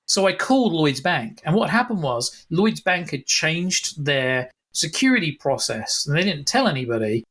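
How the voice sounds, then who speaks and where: A man in his forties, a guest author, telling a lively anecdote in a podcast interview with some restarts. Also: on the high side, moderate pace, hardly any pauses.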